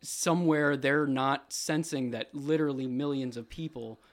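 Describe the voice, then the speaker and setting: Young guy on a podcast, earnest, thinks out loud, middle pitch. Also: fairly even intonation, moderate pace. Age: young adult. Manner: thoughtful, earnest, a bit rambling. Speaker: podcast guest, college athlete. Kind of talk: casual podcast chat. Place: podcast studio.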